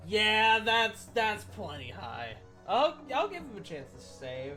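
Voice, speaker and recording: A man narrating a tabletop game as game master, animated and laughing often, jumping into loud character quotes. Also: sits high, slow pace, faint music behind.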